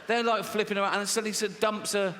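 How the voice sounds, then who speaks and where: A man's voice: high-pitched, level tone, fast talker. A man doing live stand-up comedy on a theatre stage, mocking and swearing freely in a sardonic tone. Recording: echoey hall, loud audience noise.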